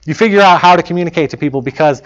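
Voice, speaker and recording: A man's voice: a little high, racing. A man giving an informal talk to students as a game developer, casual and chatty, often acting out his own past remarks. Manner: casual, chatty, quotes himself in lively asides. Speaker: guest speaker, game developer. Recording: dull lo-fi talk recording.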